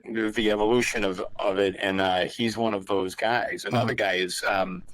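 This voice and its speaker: A man's voice: on the low side, fairly even intonation, moderate pace, fairly bright tone, rough recording. A man in his sixties, a guest musician in a casual podcast interview, telling rambling anecdotes full of asides.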